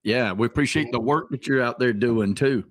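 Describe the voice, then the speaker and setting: A man hosting a podcast wraps up the episode in a relaxed way, with many fillers. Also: medium pitch, moderate pace, no room sound. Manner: relaxed, filler-heavy wrap-up. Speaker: podcast host. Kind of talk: casual podcast chat and sign-off.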